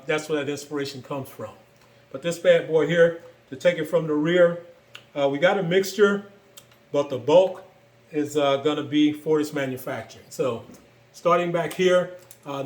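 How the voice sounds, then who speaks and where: A man casually walking through the parts of his build, relaxed and enthusiastic, with frequent fillers. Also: on the high side, reverberant. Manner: relaxed, filler-heavy, enthusiastic about gear. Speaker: gun build reviewer. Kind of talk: casual show-and-tell walkthrough.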